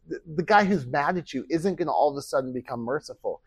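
A man's voice: fairly high pitch, lively intonation, fast, hardly any pauses, husky, dry recording. A man preaching a sermon as pastor, earnest and conversational, with rhetorical questions and acted-out quoted speech.

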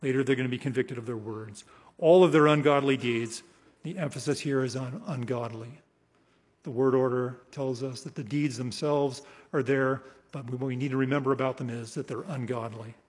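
A man preaching an expository sermon in a slightly husky voice. He leans hard on key words, slows right down for scripture readings and lets his phrases fade away. The sound carries a long reverb, as if from a large hall. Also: mid-range voice, steady tone. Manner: emphatic, slows for scripture, trails off softly at phrase ends.

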